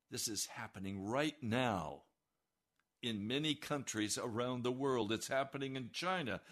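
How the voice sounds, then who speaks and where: A man preaching a sermon with passion, dropping to hushed warnings and rising to loud declarations. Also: mid-range voice. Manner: impassioned, swings between hushed warnings and raised declarations.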